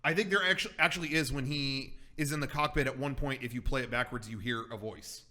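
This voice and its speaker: Bright-voiced man telling stories fast. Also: medium pitch. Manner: animated storyteller, acts out quotes, swears freely. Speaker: podcast co-host. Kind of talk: casual chat.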